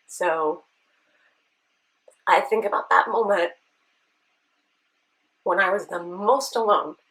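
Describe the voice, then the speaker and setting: A woman with a lowish voice tells a personal story to her camera in an earnest, searching way. She often checks in with the listener, and her voice stays close to tears. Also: a bit bright, low-quality recording. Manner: earnest, tearful at times, with rhetorical "right?". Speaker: beauty vlogger.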